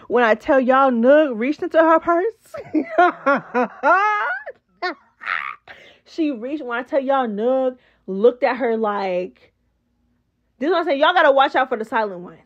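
A woman's voice: high voice, measured pace, dull audio. A woman hosting a casual reality show recap, chatty and slangy, talking straight to her viewers. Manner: chatty, slangy, animated, addresses viewers as girl.

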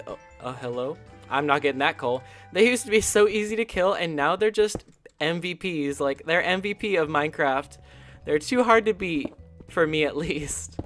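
Excitable gaming commentator, faint music. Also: mid-range voice. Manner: excitable, chatty, gasps and coos often. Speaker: host of a gaming channel. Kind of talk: casual gameplay commentary.

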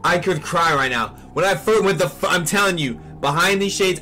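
A young man hosting a casual reaction vlog on a desk mic, rambling excitedly and repeating himself. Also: sits high, normal speed, hardly any pauses, faint music behind. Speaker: channel host reacting to a trailer.

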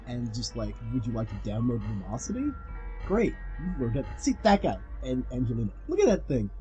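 Guy cracking crude jokes over a let's play, voice jumps all over the place, game music clearly behind. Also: wildly swooping pitch, a little fast, lo-fi sound. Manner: sarcastic, crude riffing with swings in pitch. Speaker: co-commentator on a game playthrough. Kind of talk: casual joking chat.

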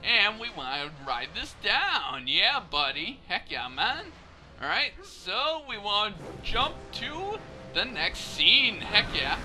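A man's voice: sits high, sing-song, slow pace. A man giving casual let's play commentary, joking and swearing at the character on screen. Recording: game music loud behind voice.

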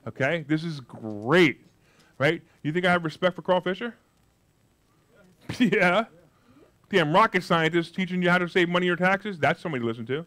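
A man giving a live motivational money seminar, brash and jokey, with loud outbursts and quiet asides. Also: sits high, moderate pace, long pauses. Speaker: seminar speaker.

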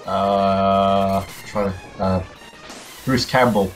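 A man's voice: low-pitched, steady tone, very slow, soft background music. A man hosting casual game commentary, a little stuffy from a cold and swearing in an offhand way. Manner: laid-back, swears casually. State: has a cold, coughing. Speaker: let's play host.

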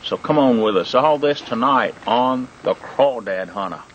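A man's voice: mid-range voice, animated, unhurried, dull audio, slight background noise, natural voice. A man playing a goofy wildlife-show host with mock bravado and folksy repeated "mate", in an amateur home-video parody recorded outdoors at night. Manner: folksy exaggerated showman talk, repeats "mate".

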